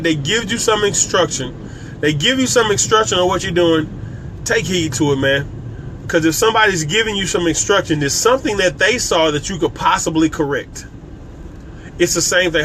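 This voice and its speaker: Talking directly to his viewers on a live stream, this man delivers conversational, motivational business coaching that's emphatic and repetitive, often restarting his sentences. His voice sits high and a bit bright, with slight background noise.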